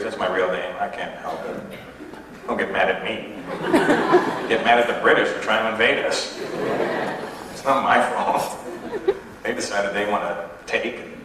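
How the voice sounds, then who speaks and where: A young man from Canada performing an animated stand-up set, acting out voices and characters. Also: lowish voice. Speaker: stand-up comedian. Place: large indoor hall with audience. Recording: echoey hall, far from mic, noisy old tape.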